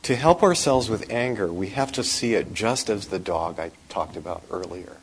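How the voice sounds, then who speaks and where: A male monk giving a dharma talk in a low, husky voice. He paces his words slowly and deliberately, with dry, wry humor. His voice stays slightly breathy throughout. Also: low-quality recording. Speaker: Buddhist monk teacher.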